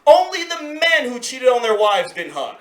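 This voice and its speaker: A man's voice: very high voice, normal speed. A man doing stand-up comedy, telling a story and acting out its voices, with crowd laughter in a club. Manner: animated, acts out voices, laughs along with crowd. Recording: roomy club live recording. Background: audience laughter.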